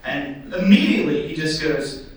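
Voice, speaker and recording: A young man doing stand-up comedy in a theatre, telling stories in an animated way and acting out voices. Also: moderate pace, very echoey, distant mic, low-quality recording. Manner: animated, acts out voices with sudden high squeals. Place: theatre stage before a live audience.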